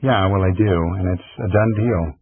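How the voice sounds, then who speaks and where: A man voicing a gentle, affectionate young man who speaks softly and soothingly on the phone. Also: deep voice, normal speed, breathy edge, no room sound. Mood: tender. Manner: soft, soothing. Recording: tinny phone-like dry audio.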